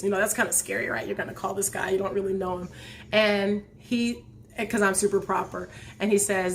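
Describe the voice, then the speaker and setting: A woman in her forties hosting a live talk show, telling a personal story to her viewers in an animated way and laughing as she goes. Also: mid-range voice, normal speed, creaky, a little hiss or hum. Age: 40s. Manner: speaks straight to her viewers. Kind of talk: casual storytelling to a live chat.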